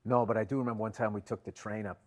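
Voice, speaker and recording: A man's voice: fairly low pitch, fairly even intonation, rapid-fire, a little mellow. Profane man telling stories. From Boston. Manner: profane, rambling anecdotes, acts out other people's lines. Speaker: podcast co-host. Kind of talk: casual storytelling chat.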